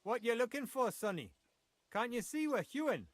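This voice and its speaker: A man's voice: extremely high pitch, big pitch swings, moderate pace, dry recording. An actor with a Geordie accent playing a blunt, impatient male mine foreman in a video game. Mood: gruff. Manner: blunt, dialect-heavy, grumbling.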